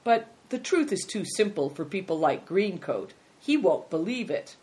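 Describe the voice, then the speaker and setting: A woman reading a storybook aloud and voicing a steady, earnest young boy who sounds a little wise. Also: fairly low pitch, normal speed, voice pushed up.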